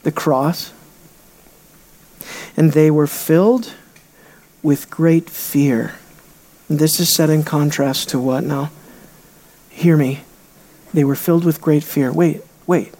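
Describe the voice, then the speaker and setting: A preacher in the middle of a sermon, firing rhetorical questions at the congregation. The delivery lurches from loud, raised emphasis down to hushed, low asides and back again. It is the voice of someone working the room from the pulpit. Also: steady tone, takes it slowly, pauses often. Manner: dramatic swings between loud high emphasis and quiet low asides.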